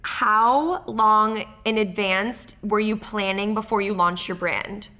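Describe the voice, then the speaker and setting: Brief: young woman co-host, casual chat, friendly and animated. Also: mid-range voice, takes it slowly. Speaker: podcast co-host.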